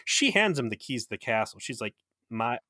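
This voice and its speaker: A man's voice: medium pitch, quick pace, dry recording, clean studio sound. Sarcastic profane podcast co-host, man. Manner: sarcastic, profane, animated retelling. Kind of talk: casual recap chat.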